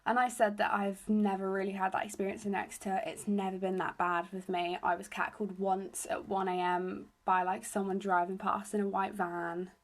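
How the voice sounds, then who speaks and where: A young woman from England with a slightly raspy voice, hosting a solo podcast into her phone in a rambling, self-deprecating chat. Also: medium pitch, level tone, moderate pace, hardly any pauses. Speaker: podcast host.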